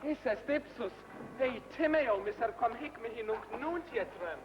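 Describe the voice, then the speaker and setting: A young man performs a distressed youth from a Roman comedy, declaiming in a measured way with a fairly high voice. The sound is a dull old archive recording with faint hiss. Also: lively intonation, big-room sound. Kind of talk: school Latin play rehearsal.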